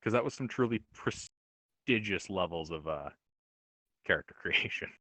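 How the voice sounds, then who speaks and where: A man running a tabletop game as game master, relaxed and joking, thinking aloud as he talks. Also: low voice, normal speed, slight background noise.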